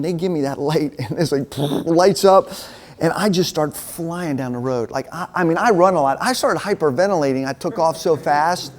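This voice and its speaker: A man giving a casual storytelling sermon to a men's group, chatty and lively, dropping to a hushed voice at times. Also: a little high. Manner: animated, chatty storyteller who drops to a hushed voice. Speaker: men's ministry speaker. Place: meeting room with a live audience.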